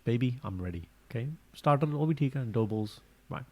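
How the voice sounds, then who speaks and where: Lively man telling stories. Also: a little fast, a little hiss or hum. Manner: animated storytelling, acts out quotes in a high voice. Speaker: podcast co-host. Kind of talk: casual chat.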